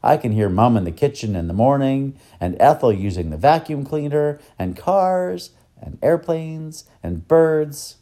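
A man voicing an eager, chatty young boy in a storybook reading, speaking with an excited, rising voice. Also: mid-range voice, unhurried, hardly any pauses, voice pushed up.

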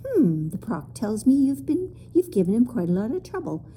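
A woman voicing a friendly, lonely moose-like royal creature with a deep voice and a lisp in a storybook reading. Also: sing-song, moderate pace, warm tone, slight background noise. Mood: wistful. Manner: cheerful, chatty, a little vain.

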